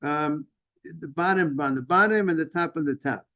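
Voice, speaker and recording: Man, rabbi, informal Talmud lesson, high voice, halting restarts, muffled lo-fi sound. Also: a bit bright. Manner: repeats words, restarts, digresses, greets students. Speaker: rabbi teaching Talmud class.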